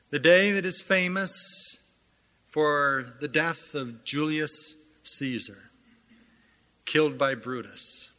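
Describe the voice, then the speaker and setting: A man preaching a sermon as pastor, earnest, with dramatic pauses and rising swells. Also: on the high side, sharp tone, big-room sound.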